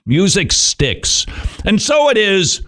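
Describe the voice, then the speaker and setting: Man, devotional radio host, lively pitch, self-mocking asides, middle-aged. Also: slow. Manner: animated, joking asides to himself.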